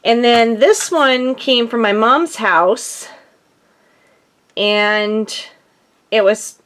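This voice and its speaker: Her voice is fairly high and a bit bright, with drawn-out words, as this middle-aged crafting vlogger talks casually from her home craft studio. She's rambling, chatty, self-deprecating, and slightly breathless.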